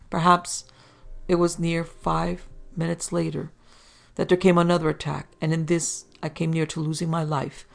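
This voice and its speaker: Very gravelly woman reading a horror tale. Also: low-pitched. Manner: steady, measured reading of old-fashioned prose. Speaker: podcast narrator. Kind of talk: scripted horror story narration.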